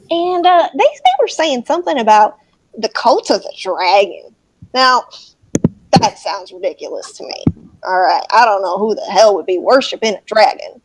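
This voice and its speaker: A woman's voice: medium pitch, sing-song, measured pace, long pauses, rough recording. Woman putting on a rambling old Southern farmer man. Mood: confiding. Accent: put-on Southern American. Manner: rambling, gossipy storytelling. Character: old male turnip farmer, folksy, cautious.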